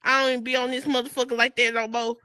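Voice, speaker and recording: A woman's voice: a little high, level tone, racing, sharp tone, smooth. A woman, co-hosting a podcast in casual chat, heartfelt and laughing often as she thanks her partner. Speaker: podcast co-host.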